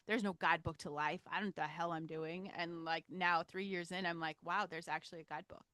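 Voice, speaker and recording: A woman's voice: fairly low pitch, steady tone, brisk, fairly bright tone, no echo. Blunt, chatty woman podcast host. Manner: chatty and blunt, swears casually, rambles. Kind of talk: casual interview chat.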